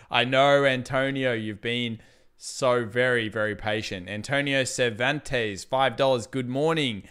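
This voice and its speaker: Smooth-voiced man, casual market chat. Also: medium pitch, moderate pace, a bit bright. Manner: casual, chatty, laughs easily; thinks aloud with restarts. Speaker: livestream host. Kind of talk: live market commentary.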